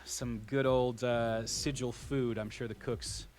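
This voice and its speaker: A man's voice: medium pitch, steady tone, slow, a little mellow, a little hiss or hum, natural voice. Man voicing a wry female dragon rider. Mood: warm. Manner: teasing and sardonic.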